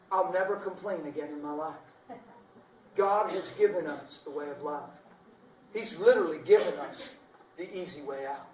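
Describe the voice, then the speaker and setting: A man's voice: fairly high pitch, normal speed, a little hiss or hum. Dramatic preacher man in a roomy hall. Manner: dramatic, swinging from loud bursts to hushed lines; playful, laughs at himself. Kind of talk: sermon. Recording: roomy sound picked up from a distance.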